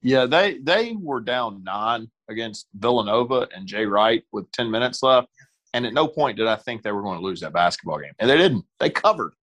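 A man's voice: medium pitch, expressive, moderate pace, a bit bright. A man co-hosting a casual sports podcast, talking in a dry, matter-of-fact way. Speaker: podcast co-host.

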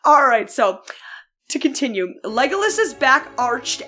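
A woman's voice: sits high, sing-song, measured pace, sharp tone, faint music behind. A woman co-hosting a podcast, reading fanfiction aloud with playful, mock-serious banter and frequent laughter. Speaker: podcast co-host.

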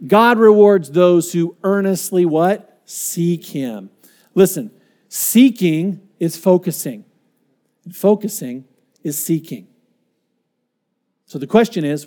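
A middle-aged man preaching a sermon as pastor, emphatic, swinging from loud to quiet and slowing down to read scripture. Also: sits high.

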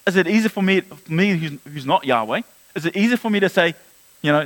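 A man preaching a sermon, earnest, with frequent repeated words and swings between loud rises and soft low drops. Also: expressive, quick pace, rough recording. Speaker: pastor.

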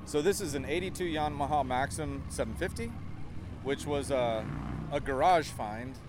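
A man being interviewed outdoors at a motorcycle meetup, talking in a relaxed, chatty way with easygoing swearing. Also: medium pitch, moderate pace, noisy background. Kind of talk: casual interview.

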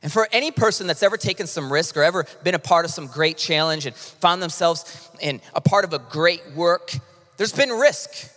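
A man's voice: on the high side, lively intonation, moderate pace. Man preaching in a reverberant church. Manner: impassioned, swings from quiet to loud emphasis. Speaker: pastor. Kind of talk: sermon. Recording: long hall reverb.

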